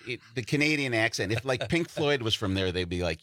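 A man's voice: medium pitch, lively intonation, normal speed, fairly bright tone, dry recording, clean studio sound. A man with a Wisconsin accent, a comedian talking casually as a guest and joking about regional speech. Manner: jokey, slips into exaggerated regional accents. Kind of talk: casual chat.

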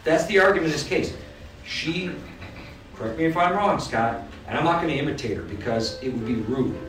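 A man's voice: a little high, expressive, a little fast. A man giving indignant, mocking radio commentary in a played clip. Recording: roomy distant clip over music.

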